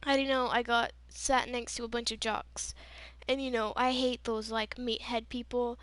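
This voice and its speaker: A woman's voice: fairly high pitch, level tone, moderate pace, fairly bright tone, no echo. A teenage girl telling a rambling, giggly story in a casual chat, full of "like" and "you know.". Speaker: gaming channel host.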